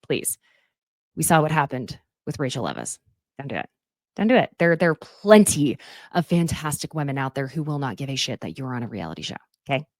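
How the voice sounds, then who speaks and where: A woman's voice: a bass voice, sing-song, brisk, a little mellow, dry recording, studio quality. A young woman hosting a podcast, recapping a reality show in a chatty, opinionated way and quoting cast members. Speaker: podcast host. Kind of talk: casual recap commentary.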